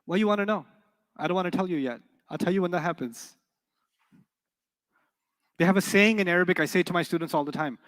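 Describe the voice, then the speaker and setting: A man's voice: high voice, fast talker, long pauses, fairly bright tone, in a large hall. A man teaching an Arabic grammar class, playful and joking while he quizzes the students. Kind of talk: classroom lecture.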